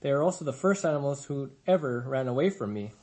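A man voicing a calm, gentle female robot in a storybook reading, speaking in a polite, measured, friendly way. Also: mid-range voice, close to an everyday voice.

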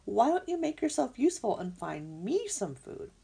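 A woman plays a crafty storybook fox who growls and wheedles, always thinking of his next meal. The voice carries a faint husky rasp. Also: a little high, sing-song, moderate pace, dark tone, pitched above the performer's own voice, exaggerated voice. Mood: sly. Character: sly, hungry male fox.

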